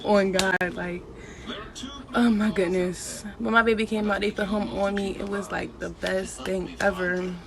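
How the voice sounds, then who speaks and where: A woman's voice: medium pitch, measured pace, creaky, a crowd in the background. Blunt, profane young woman telling a story. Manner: blunt and profane, animated retelling. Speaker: vlogger. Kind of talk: casual storytime.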